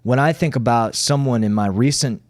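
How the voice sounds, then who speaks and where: A man's voice: medium pitch, normal speed, a little mellow, no echo, clean studio sound. A man co-hosting a podcast in casual chat, earnest and reflective, swearing freely and tagging his points with "right?". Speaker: podcast co-host.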